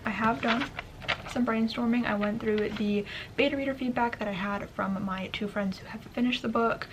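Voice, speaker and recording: A young woman chatting casually to camera at home in a writing vlog, gushing and gasping with excitement now and then. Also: fairly high pitch, moderate pace, gravelly, background noise. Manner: chatty, gushing with excitement, gasps and soft exclamations. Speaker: booktube vlogger and writer. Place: home, at a desk.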